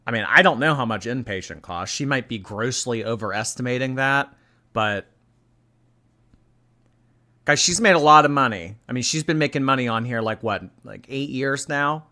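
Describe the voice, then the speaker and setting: A man's voice: mid-range voice, moderate pace, sharp tone. A man hosting a casual reaction stream, reading chat and giving blunt, chatty opinions with casual swearing.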